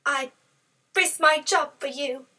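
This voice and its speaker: A woman doing a whiny, lovestruck young villainess, pitched noticeably higher and brightly voiced as she pleads. She sounds hurt and clingy. The voice comes from a little way off the mic. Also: slow, distant mic, exaggerated voice. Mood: hurt, pleading.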